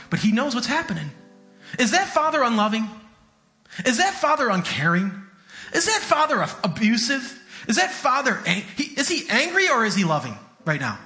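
A man's voice: high voice, very animated, normal speed, pushed and bright, soft background music. A man preaching a sermon in an earnest, conversational way, often repeating his words.

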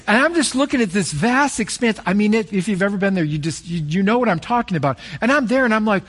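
A middle-aged man preaching a sermon as a pastor, conversational and storytelling, with animated peaks. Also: high voice, fairly quick, few pauses.

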